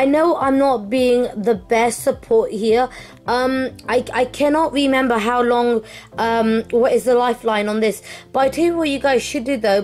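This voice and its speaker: A young woman streamer chatting casually through an unboxing, excitable and apologetic, with many fillers and restarts. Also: fairly high pitch. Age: young adult. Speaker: gaming streamer.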